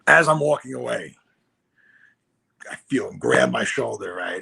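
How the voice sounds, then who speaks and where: A man in his thirties telling backstage wrestling stories in a casual, animated way, acting out the voices of the people he quotes. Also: medium pitch, moderate pace, creaky, husky. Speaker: guest wrestler. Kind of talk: casual storytelling.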